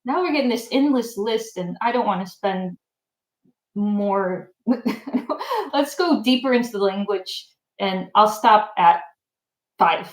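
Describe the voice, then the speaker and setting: A woman from Michigan chatting casually on a livestream, animated and laughing often as she answers viewer comments. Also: mid-range voice, slow, roomy sound, low-quality recording. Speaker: language YouTuber.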